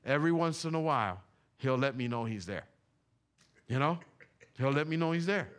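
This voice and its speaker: A man's voice: mid-range voice, expressive, normal speed, clear, resonant tone. A middle-aged man from Puerto Rico, preaching a fervent sermon in a church, repeating his points with emphasis. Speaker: pastor. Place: church sanctuary.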